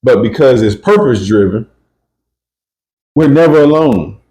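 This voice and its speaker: A man's voice: mid-range voice, animated, measured pace, mellow, echoey room. A man hosting a casual spiritual talk, emphatic and often checking in with "right?" and "you see?". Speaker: podcast host.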